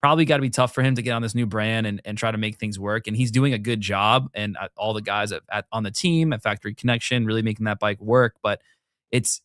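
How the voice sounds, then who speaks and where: Co-hosting a casual motocross talk show, a man asks pointed questions and weighs things up in a curious, measured way. His voice is fairly low and fairly bright, recorded at studio quality with no room sound.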